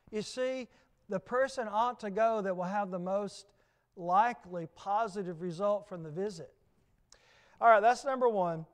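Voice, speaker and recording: A man's voice: sits high, a little slow. A man with a Southern US accent preaching a sermon, emphatic, with repeated phrases and rhetorical questions.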